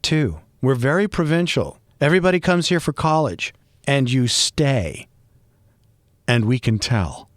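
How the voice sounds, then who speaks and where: A man with a Boston accent hosting a podcast, talking alone in a rambling, animated way with joking asides. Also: medium pitch, dry recording, clean studio sound. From Boston area, USA. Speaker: podcast host. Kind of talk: casual solo monologue.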